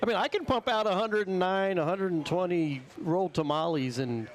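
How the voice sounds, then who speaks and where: A man's voice: high voice, moderate pace. A man co-hosting a casual radio chat at a brewpub, rambling with restarts and laughing often. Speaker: radio show co-host.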